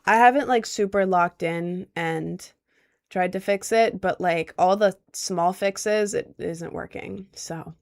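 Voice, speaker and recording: A woman's voice: lowish voice, slow pace, vocal fry. A woman of about twenty from Maryland, chatting casually on a livestream and answering chat with lots of ums. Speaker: livestream host.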